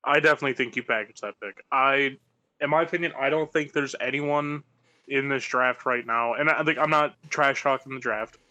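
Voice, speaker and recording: A man's voice: mid-range voice, moderate pace, pushed and bright, no echo. A man co-hosting a live sports talk show, giving his opinion with careful hedges. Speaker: co-host.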